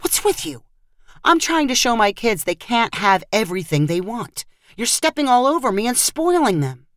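Casting: woman doing an irritated dad, snappish and grumbling, lively in pitch. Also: moderate pace, no room sound, clean studio sound. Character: frustrated thrifty father, middle-aged man.

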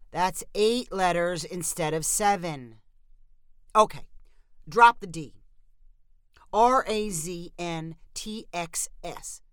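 A man's voice: high voice, fairly bright tone, smooth, no room sound, clean studio sound, heavily acted. A woman voicing an eager young man who loves Texas, chatty and enthusiastic in a storybook reading.

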